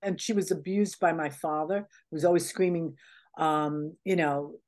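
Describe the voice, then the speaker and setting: Low and darkish, her voice moves at a moderate pace. She is a middle-aged woman from the United States, a guest in an informal interview, telling heartfelt stories that meander and are peppered with "you know"s and similar fillers.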